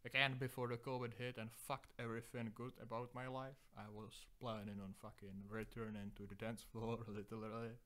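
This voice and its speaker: A man's voice: mid-range voice, flat delivery, brisk, hardly any pauses, fairly bright tone. A young man hosting a solo podcast, rambling through profane, self-deprecating digressions. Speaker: podcast host.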